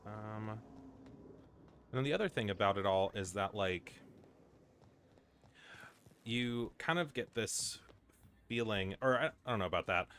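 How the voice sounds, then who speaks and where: A man's voice: fairly low pitch, a little slow, pauses often, fairly bright tone, slight background noise. A man streaming a video game, chatting casually with lots of fillers and wry asides. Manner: rambling, filler-heavy, wry. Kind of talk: casual gameplay commentary.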